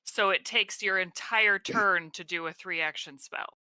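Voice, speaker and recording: A woman's voice: medium pitch, measured pace, bright, forceful tone, no echo, low-quality recording. A woman playing a tabletop game, stating her character's moves in a plain, matter-of-fact way. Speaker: player. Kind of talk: casual tabletop play.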